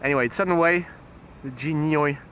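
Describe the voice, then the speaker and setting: High-voiced man commentating live. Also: fairly quick, a bit bright, a little hiss or hum. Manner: wry, joking asides between flight details. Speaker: plane-spotting livestream host. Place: outdoors by an airport runway.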